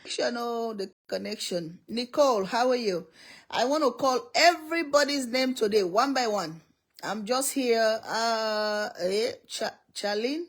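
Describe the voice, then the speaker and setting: A woman's voice: a little high, unhurried. A middle-aged woman hosting a casual livestream from home, greeting viewers by name and laughing often. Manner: laughs often, calls out viewer names one by one.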